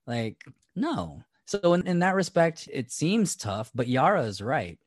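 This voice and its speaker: A man's voice: fairly high pitch, very animated, measured pace, no room sound, studio quality. Laid-back man co-hosting a podcast. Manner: laid-back, laughs often, swears casually. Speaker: podcast co-host. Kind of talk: casual chat.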